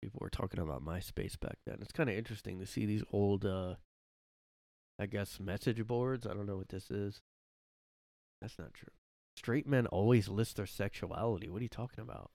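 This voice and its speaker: Lowish guy rambling on his solo podcast in his room, dry close sound. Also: normal speed, creaky, mellow, dry recording. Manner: rambling, lots of fillers and self-corrections, laughs often. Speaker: podcast host. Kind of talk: casual solo chat. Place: home room.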